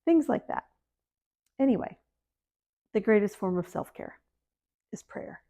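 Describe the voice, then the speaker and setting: Speaking a little slowly in a mellow voice with big swings in pitch, a middle-aged woman from the American Deep South vlogs about homesteading. She talks casually to the camera about her homestead and faith and laughs at herself.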